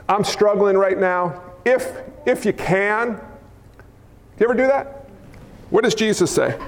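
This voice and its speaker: A male pastor preaching a sermon in a church hall, wearing a mic, animated and acting out crowd cries and quoted lines. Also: high-pitched, gravelly. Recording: long hall reverb.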